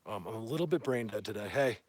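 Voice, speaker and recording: A man livestreaming from a phone in a mountain wilderness, chatting to viewers in a rambling, excitable way as a bigfoot hunter. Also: on the low side, fast, no room sound. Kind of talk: casual live stream chat. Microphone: phone held by hand.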